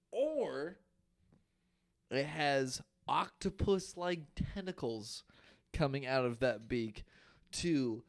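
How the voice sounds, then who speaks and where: A man co-hosting a casual podcast, telling a folklore story in an animated, profane way and laughing often. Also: on the high side, vocal fry. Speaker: podcast co-host.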